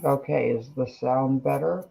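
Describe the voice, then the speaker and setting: A woman hosting a casual live-stream chat over a video call, with a gravelly, smoker-like voice, talking in a slow, rambling way that trails off. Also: very deep voice, warm tone, low-quality recording. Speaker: host.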